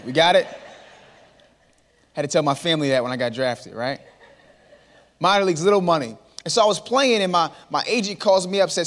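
Man in his thirties, animated speaker working a crowd, fairly high voice, long hall echo. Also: brisk. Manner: lively storyteller, calls out to the crowd. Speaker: motivational speaker. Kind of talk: storytelling talk to a live audience. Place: large hall before an audience.

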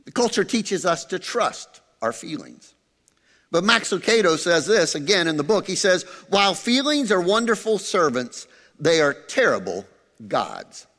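A man preaching a sermon as pastor, animated, dropping to soft low tones for emphasis. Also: moderate pace, in a large hall.

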